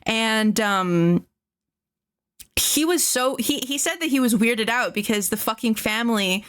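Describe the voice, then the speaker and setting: A woman streaming live, recounting a story in loose casual chat. Her voice sits a little high, and she rambles through fillers and swear words, breaking into laughs now and then. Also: expressive, measured pace, fairly bright tone, clean tone. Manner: rambling, full of fillers and profanity, laughs often.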